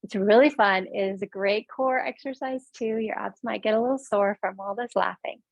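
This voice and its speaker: A woman's voice: medium pitch, moderate pace, gravelly, dry recording. A woman yoga and mindfulness instructor leading a guided laughter exercise, upbeat and encouraging.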